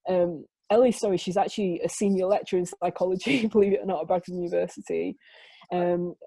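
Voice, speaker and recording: Woman telling stories, low and mellow. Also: quick pace, vocal fry, slightly rough, no echo. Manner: lively storytelling, acts out quoted dialogue; frequent fillers and restarts. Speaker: photographer guest. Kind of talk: presenting her work in an interview.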